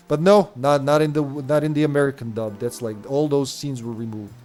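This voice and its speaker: A man's voice: mid-range voice, steady tone, normal speed, darkish tone, soft background music. Profane male streamer. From Serbia. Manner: profane, rambling, laughs often. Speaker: game streamer. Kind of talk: casual gameplay commentary.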